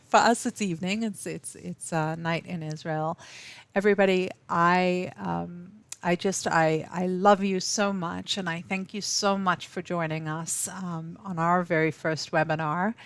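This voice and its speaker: A woman from South Africa hosts a live webinar from an office, her voice a little low for a woman and recorded dry and close. She talks warmly and effusively, with many ums and restarts. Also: no echo. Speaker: webinar host. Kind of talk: live webinar talk to viewers.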